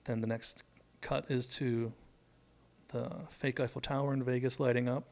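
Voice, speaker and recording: A man's voice: medium pitch, little pitch movement, normal speed. A man casually retelling a TV episode scene by scene, loosely acting out the characters' lines with many fillers. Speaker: show host.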